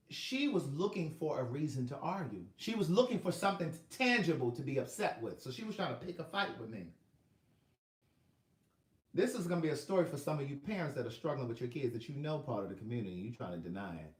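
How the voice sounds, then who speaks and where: A middle-aged male author telling a personal story in a lively, laughing way, acting out quotes. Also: fairly high pitch. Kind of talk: storytelling monologue. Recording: roomy echo.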